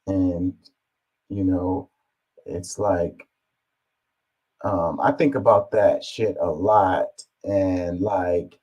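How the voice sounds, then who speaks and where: A man's voice: low voice, fairly even intonation, drawn-out words, long pauses, a little mellow, breathy edge, dull audio. A man hosting a reaction video, commenting casually and rambling as he thinks aloud, with many fillers.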